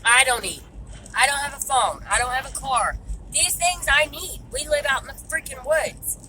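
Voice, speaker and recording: A frustrated woman vents straight to camera, cursing without a filter. Her voice sits a little high. Steady traffic and outdoor noise carry clearly behind her, as if she is recording in or beside a car. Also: normal speed, poor audio. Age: 30s. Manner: blunt, swears freely, exasperated. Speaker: vlogger and mother. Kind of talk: venting to camera.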